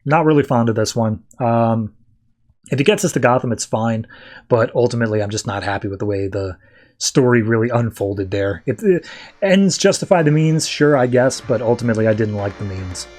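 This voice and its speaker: A man's voice: medium pitch, normal speed, darkish tone. Brief: male podcast host, loose and wry, recapping comics casually. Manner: wry and self-deprecating, loose recap talk. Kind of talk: casual comic book review.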